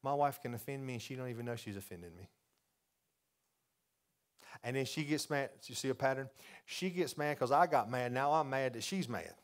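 A pastor preaching a folksy, confessional sermon that builds to loud, repeated emphasis. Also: male voice, medium pitch, normal speed, pauses often.

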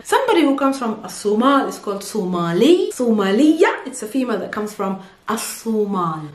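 A woman with an Arabic accent teaching an online language lesson, enthusiastic and giggly, slowing down to pronounce words carefully. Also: a little high, echoey room.

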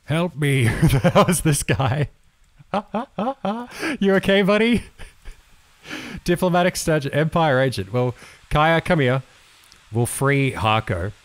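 A man hosting a gaming channel, giving excitable let's play commentary and laughing often. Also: mid-range voice, measured pace. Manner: excitable, laughs often, yells when things go wrong.

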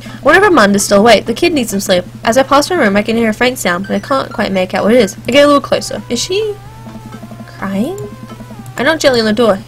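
A woman's voice: on the high side, animated, fast, faint music behind. Chatty woman reading a game aloud. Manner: chatty, jokey asides, sings snatches. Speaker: let's play gamer. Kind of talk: reading game text aloud with casual commentary.

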